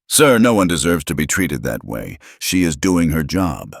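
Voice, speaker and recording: A man's voice: extremely low pitch, very animated, normal speed, gravelly, dry recording, studio quality, exaggerated voice. A man voicing an undercover male boss who speaks firmly and with restraint.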